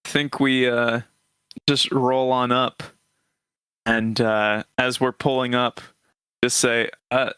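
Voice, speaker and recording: Bright-voiced casual male player. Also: medium pitch, flat delivery, slow, pauses often, clear, resonant tone, no echo. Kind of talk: tabletop role-play chat.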